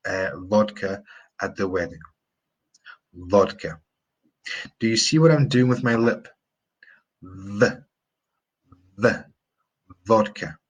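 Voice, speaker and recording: A man teaching English pronunciation in a live-streamed lesson, repeating words slowly to drill the sounds. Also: on the low side, fairly bright tone.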